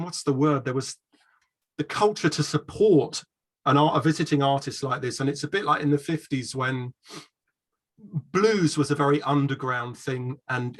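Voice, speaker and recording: A man's voice: medium pitch, a bit bright. A middle-aged man in casual conversation, telling rambling anecdotes about a past music scene. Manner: rambling anecdotal storyteller, mimics voices in quotes. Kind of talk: casual chat.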